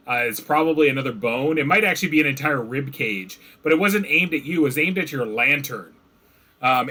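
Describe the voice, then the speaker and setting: A man runs a tabletop game as game master, with a bright, forward tone. He narrates loosely, filling the gaps with likes and ums. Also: mid-range voice.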